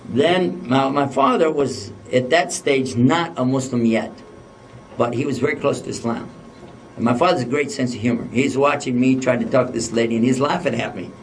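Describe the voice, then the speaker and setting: A man's voice: mid-range voice, normal speed, slight background noise. Guy lecturing, telling a funny story, acts out the back and forth, mic a bit far off. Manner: humorous, anecdotal, acts out dialogue. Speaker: religious lecturer.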